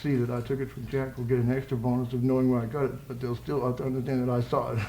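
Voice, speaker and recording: A man's voice: mid-range voice, little pitch movement, fast, dark tone, a little hiss or hum. A man giving a live poetry reading with playful, rambling asides, chuckling between lines. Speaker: poet. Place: college social room with audience. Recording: echoey live room recording.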